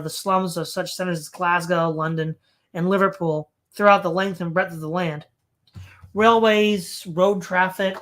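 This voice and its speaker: An audiobook reader reading a political essay aloud at a steady pace, now and then stumbling over a word and correcting it. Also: medium pitch.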